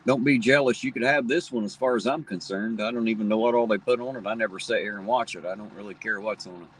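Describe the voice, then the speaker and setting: A middle-aged man with a slight Southern drawl from the Ohio Valley chats casually with his live-stream audience. His voice is husky and a little rough. He rambles along in a folksy, plainspoken way. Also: on the low side, quick pace, low-quality recording. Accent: Appalachian Ohio Valley, slight Southern drawl. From tri-state area where Ohio, Kentucky and West Virginia meet. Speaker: livestream host. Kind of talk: casual live-stream chat, reading viewer comments.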